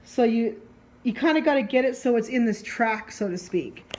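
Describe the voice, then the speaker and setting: A woman's voice: fairly high pitch, animated, moderate pace, darkish tone. A woman vlogger casually talking through a hands-on gadget demo at home, chatty and rambling, often correcting herself as she explains each step. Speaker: tech vlogger. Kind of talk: casual how-to unboxing demo. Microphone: handheld camera mic.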